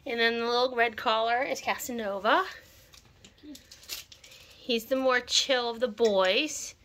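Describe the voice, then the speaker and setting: A woman speaks slowly and softly, cooing to puppies while filming them on her phone. Her voice sits a little high, and a faint hiss runs under the recording. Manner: slow, gentle, cooing, often laughing. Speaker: puppy breeder filming her litter. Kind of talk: casual chat and baby talk to puppies.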